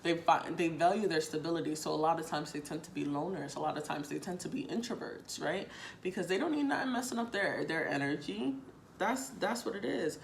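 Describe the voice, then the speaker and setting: Woman tarot reader, casual and chatty, lower pitch, loose and repetitive delivery. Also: a little hiss or hum. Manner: chatty, repeats phrases, casual swearing, addresses viewers directly. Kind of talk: casual tarot reading to viewers.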